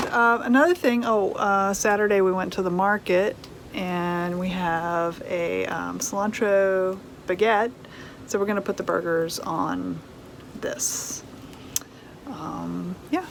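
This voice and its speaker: Slow, easygoing woman vlogging over background noise. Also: mid-range voice. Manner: relaxed, chatty, with fillers. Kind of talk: casual vlog chat. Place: RV kitchen.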